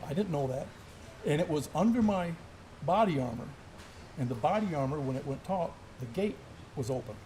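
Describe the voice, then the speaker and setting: A man's voice: on the high side, normal speed, slight background noise. A middle-aged man, a military veteran, telling stories with vivid play-by-play in a live interview at an indoor gun shop event. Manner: animated, vivid play-by-play storytelling.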